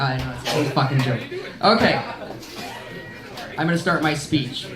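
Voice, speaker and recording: A man's voice: on the high side, moderate pace, a crowd in the background. A man giving a casual, jokey speech at an art show, swearing and laughing as he talks. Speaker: event organizer giving a speech. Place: art show in a restaurant lounge. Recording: roomy sound from a distant camera.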